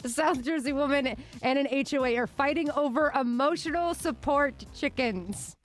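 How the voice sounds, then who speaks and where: A woman's voice: sits high, moderate pace. A woman co-hosting a casual radio podcast, chatting through odd news stories. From Arizona. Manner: chatty, reading off headlines with laughs. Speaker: news co-host.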